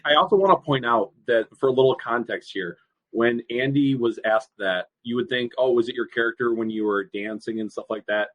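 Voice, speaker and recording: A man's voice: mid-range voice, a little fast, narrow, tinny audio. A man who works as a wrestling referee, co-hosting a podcast and adding wry, amused remarks. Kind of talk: casual podcast chat.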